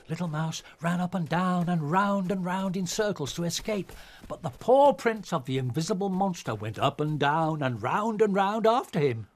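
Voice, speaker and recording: An older man reading a children's bedtime story aloud in a slow, expressive storytelling manner. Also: on the high side.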